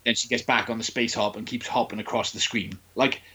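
A man in casual chat, retelling a film in a crude, sweary and animated way and acting out its lines. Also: fairly low pitch, a little fast, slightly rough.

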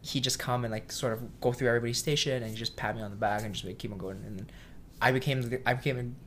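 A man who works as a cook, telling a story in a casual interview. He acts out the voices in his story, sometimes loudly, and calls himself shy. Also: mid-range voice, fairly even intonation, fast, slight background noise. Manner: self-described shy.

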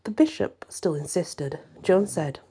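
A woman hosting her own channel, reading a historical novel aloud in a steady storytelling manner. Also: low voice, unhurried, slightly rough. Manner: steady storytelling, voices quotes lightly. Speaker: channel host and reader.

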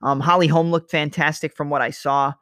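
A man's voice: on the high side, flat delivery, a little fast, a bit bright, smooth, no room sound, clean studio sound. Chatty man breaking down fights. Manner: analytical, loose and chatty, vocalizes strikes with sound effects. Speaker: MMA analysis host. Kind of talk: casual fight breakdown monologue.

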